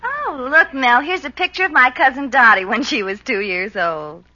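Brief: scolding girlfriend, high bright lively voice, dull old radio sound. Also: moderate pace, exaggerated voice. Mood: exasperated. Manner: scolding, exasperated. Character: exasperated young girlfriend, sweet but impatient. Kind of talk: 1940s radio acting.

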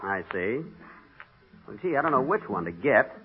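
A man's voice: fairly low pitch, big pitch swings, moderate pace, slightly rough, faint music behind, exaggerated voice. A man starring in a 1940s radio comedy, talking in an exasperated, bickering way. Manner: exasperated, arguing with himself. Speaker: comedy star of the show. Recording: lo-fi old radio broadcast.

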